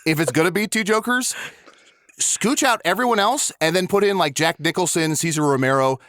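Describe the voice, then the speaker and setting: A man's voice: on the high side, a little fast, background noise. A man hosting a comedy podcast, riffing and joking and laughing often. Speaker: podcast host.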